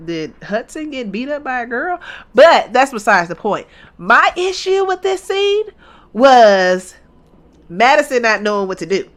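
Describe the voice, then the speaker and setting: A woman talking over a reality show in a lively, swooping voice that rides up and down. She sits slightly high for her sex, blunt, emphatic and unbothered about swearing, as if arguing with the people on screen. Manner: animated, emphatic, talks back to the screen; blunt, uses swear words. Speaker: reaction video host. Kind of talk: casual reaction commentary.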